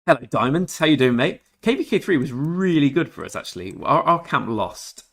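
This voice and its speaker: A man's voice: on the high side, very animated, fairly quick, fairly bright tone. A laid-back young Englishman streaming a game and chatting with viewers in a jokey, easygoing way. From England. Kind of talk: casual livestream chat with viewers.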